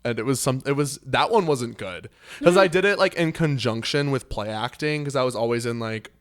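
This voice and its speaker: A young man co-hosting a podcast, telling stories in a casual, animated way, with lots of fillers. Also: mid-range voice, brisk. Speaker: podcast co-host. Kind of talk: casual chat.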